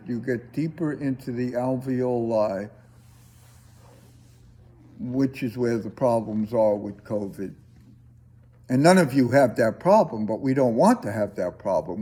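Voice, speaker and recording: A man teaching a breathing class, guiding students with slow, calm, coaxing instructions. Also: medium pitch.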